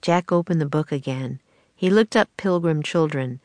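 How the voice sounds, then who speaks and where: A woman narrating a children's storybook aloud in a measured, expressive way. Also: low voice, no echo. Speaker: audiobook narrator.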